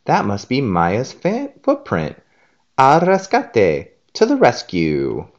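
A man voicing a brave, upbeat boy animal rescuer in a storybook, calling out with excitement. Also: fairly low pitch, slow pace, dull audio, voice pushed up, full character voice. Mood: excited. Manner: excited, calls out loudly.

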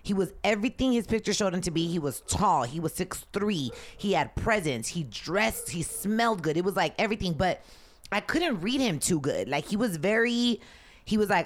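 A woman's voice: lowish voice, normal speed. A woman co-hosting a podcast in casual chat. She tells stories with energy and acts out what other people said. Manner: lively storytelling, acts out others' lines; says she is loud. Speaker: podcast co-host.

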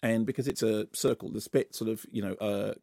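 Gravelly British man, wry radio critic. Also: fairly low pitch, steady tone, brisk, dark tone, no echo, clean studio sound. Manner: wry, anecdotal, teasing. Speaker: film critic and co-presenter. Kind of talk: casual radio chat. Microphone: studio microphone.

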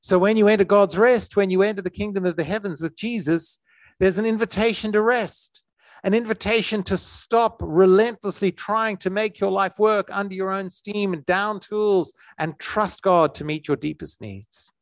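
A man's voice: sits high, fairly even intonation, normal speed, dry recording. A man preaching a conversational sermon in an earnest way, often restarting his sentences. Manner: earnest, with frequent restarts and fillers.

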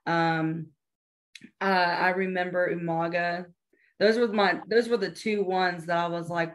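A woman's voice: fairly low pitch, steady tone, a little slow. A woman in her twenties, a professional wrestler, answering interview questions in a matter-of-fact way. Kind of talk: casual interview chat.

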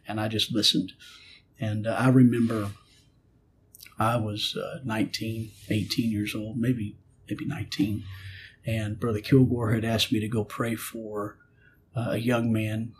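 A man's voice: fairly low pitch, little pitch movement, unhurried, a little hiss or hum. A middle-aged man, a pastor, telling a personal story in an earnest preaching manner and acting out his prayers and God's replies. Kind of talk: storytelling in a spiritual conversation.

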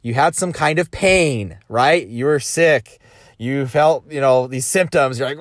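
A man's voice: mid-range voice, a little slow, no room sound, studio quality. A man talking casually as a sales coach, rambling with restarts and rhetorical questions.

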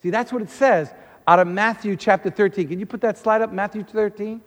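A man preaching a sermon as pastor, talking in an animated way and acting out the voices he quotes. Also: sits high, brisk, in a large hall.

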